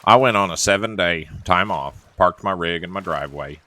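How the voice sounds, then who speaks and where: Deep, bright-toned Southern man storyteller. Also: normal speed. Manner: drawling storyteller, chatty and wry. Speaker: streamer and former truck driver. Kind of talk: casual gaming chat and storytelling.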